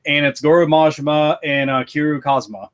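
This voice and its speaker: A man with a notably high speaking voice, chatting casually on a podcast. He tells his stories with excitable energy and swears constantly. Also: fairly quick. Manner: profane, excitable storytelling with frequent swearing. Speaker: podcast host reviewing a video game.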